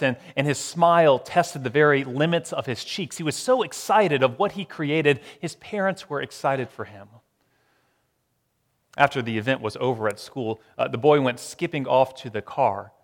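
Middle-aged male pastor, sermon delivery, dynamic swings from loud to near-whisper. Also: medium pitch, long reverb tail. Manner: dramatic pauses, swings from loud to hushed.

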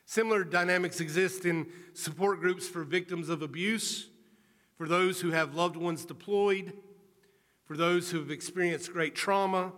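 A male preacher giving an earnest sermon, telling a story in a measured, storytelling manner. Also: sits high, fairly even intonation, fairly bright tone. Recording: reverberant hall.

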